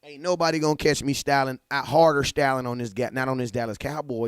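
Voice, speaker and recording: Casting: young male livestream host, hyped slangy fan chat, smooth voice, dry close sound. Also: medium pitch, fairly even intonation, quick pace, no room sound. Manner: hyped, slangy, talks straight to chat with shout-outs. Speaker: livestream sports talk host. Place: home setup at a computer.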